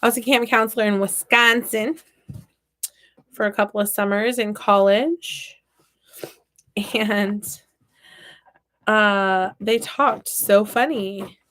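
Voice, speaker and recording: A woman's voice: mid-range voice, fairly even intonation, slow, pauses often, a bit bright. Chatty woman telling stories while crafting. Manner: chatty, playful storyteller; talks while working with her hands. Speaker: toy repair vlogger. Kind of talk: casual chat while crafting.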